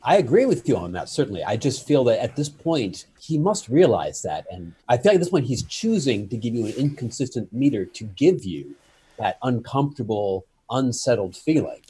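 A man co-hosting a casual discussion, pushing back with animated arguments about rhythm and stress. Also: mid-range voice, moderate pace, husky. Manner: argumentative, animated, explains stresses with sweeping emphasis. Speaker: podcast co-host. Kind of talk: casual debate.

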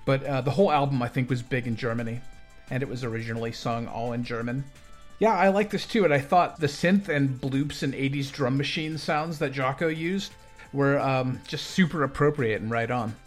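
A man's voice: medium pitch, moderate pace. A man co-hosting a podcast, chatting casually and adding background facts about the music. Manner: informative, adds facts. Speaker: podcast co-host. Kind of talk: casual music review chat.

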